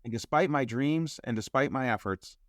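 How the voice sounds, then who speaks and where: Man, mid-pitched, lively storyteller, acts out dialogue, dry close sound. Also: moderate pace, dry recording. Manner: acts out quotes, rises sharply in pitch when excited. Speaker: podcast guest, entrepreneur. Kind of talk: animated storytelling.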